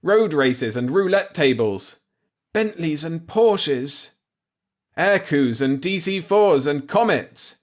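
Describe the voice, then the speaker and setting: A man reading aloud, voicing his worn-out male hero who bursts out in excited, near-shouted lists. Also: fairly high pitch, slow pace, pitched above the performer's own voice. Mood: elated. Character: weary male killer, suddenly elated.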